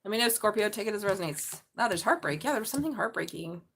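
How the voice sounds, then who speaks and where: A woman hosting a live tarot reading from her bedroom, thinking aloud and often breaking into excited exclamations. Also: medium pitch, rapid-fire, vocal fry, breathy edge. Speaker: tarot reader.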